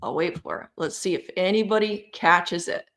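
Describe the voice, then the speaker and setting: A woman's voice: fairly low pitch, moderate pace. Chatty woman hosting a true-crime stream. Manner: animated, opinionated, talks to live chat. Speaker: livestream true-crime commentator. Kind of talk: casual live-stream commentary.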